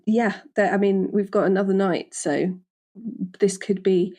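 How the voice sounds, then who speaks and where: A woman's voice: mid-range voice, fairly even intonation, warm tone. A woman hosting a podcast, chatting casually and jokily from a hotel room on a lapel mic, often correcting herself mid-sentence. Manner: chatty and jokey, with quick self-corrections. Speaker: podcast host.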